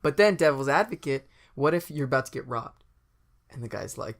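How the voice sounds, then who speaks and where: A man's voice: medium pitch, animated, a little fast, creaky. A man co-hosting a casual comedy podcast, rambling and laughing as he acts out little bits. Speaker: podcast co-host. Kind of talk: casual chat.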